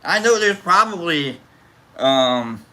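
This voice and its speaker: A man casually chatting on a livestream as its host, rambling and playful, quick to get excited. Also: fairly high pitch.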